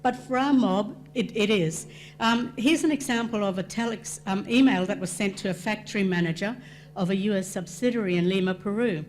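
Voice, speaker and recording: A woman presenting a cultural awareness session, explaining terms and concepts to an audience with quick asides. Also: medium pitch, a little mellow, slight background noise.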